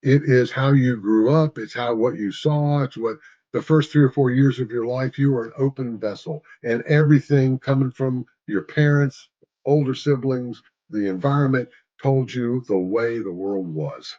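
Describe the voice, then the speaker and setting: A man's voice: medium pitch, moderate pace, warm tone, dry recording, highs cut off. A man in his sixties, a business coach, tells a story in a conversational way, acting out the dialogue and asking "right?". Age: 60s. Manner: conversational, tag questions, quotes dialogue. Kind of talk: storytelling talk.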